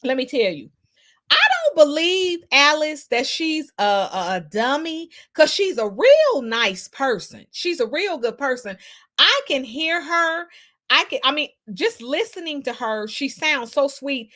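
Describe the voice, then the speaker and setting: A woman hosting a casual gossip livestream, talking high and with big swoops in her pitch. She is emphatic and salty, with plenty of profanity. She chats straight to her viewers and greets them by name. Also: sing-song, unhurried, a bit bright. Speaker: livestream host reading chat.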